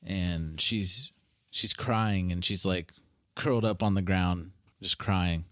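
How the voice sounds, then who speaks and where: A man narrating a tabletop game as dungeon master, describing scenes in a halting way. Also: low voice, no room sound, clean studio sound.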